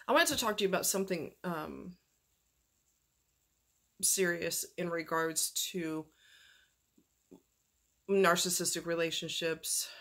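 A vlogger talks straight to the camera in a casual, candid way, with fillers and strong emphasis. The voice sits at a mid pitch. Pain from a fractured ankle colors the delivery. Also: a bit bright. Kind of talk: casual talking-head vlog.

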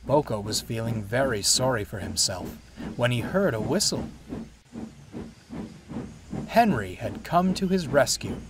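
A man narrating a children's story in an expressive, unhurried way. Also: medium pitch, background noise. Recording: background music. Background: music.

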